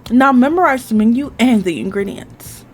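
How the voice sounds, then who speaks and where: A woman's voice: fairly high pitch, animated, moderate pace, loud music behind the voice. A woman hosting a gaming channel, reading a dating game aloud in the first person, with casual asides.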